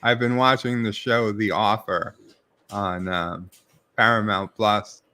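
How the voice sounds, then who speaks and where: A man's voice: lowish voice, fairly even intonation, slow pace, pushed and bright. A middle-aged man with a New York accent hosting a live stream, reading viewers' chat messages aloud and answering them casually. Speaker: livestream host reviewing a TV episode.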